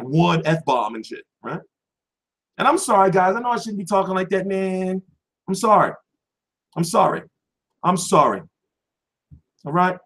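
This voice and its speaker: A man's voice: high voice, a bit bright, slightly rough. A young man hosting a boxing channel, answering viewers in a heated, profane livestream chat.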